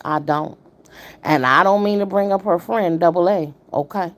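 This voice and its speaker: A woman's voice: on the low side, moderate pace. A woman hosting a live stream, giving blunt, emphatic and profane commentary while greeting her viewers. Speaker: livestream commentator.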